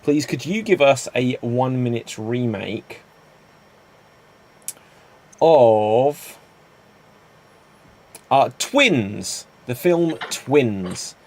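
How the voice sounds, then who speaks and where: A man's voice: mid-range voice, animated, very slow, pauses often, a little mellow. A man hosting an improv comedy show, setting up games and calling time.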